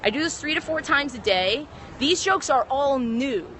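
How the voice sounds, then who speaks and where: A woman's voice: high-pitched, expressive, moderate pace, fairly bright tone. A young woman stand-up comedian chatting casually on a livestream from a city street, rambling and correcting herself as she talks into a phone. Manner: rambling, full of ums and self-corrections. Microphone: phone held to stream. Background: faint street traffic.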